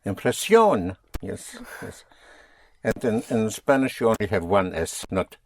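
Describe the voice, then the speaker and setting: A man's voice: on the low side, unhurried, no echo, clean studio sound. Man teaching a language lesson. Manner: patient, drilling students with questions.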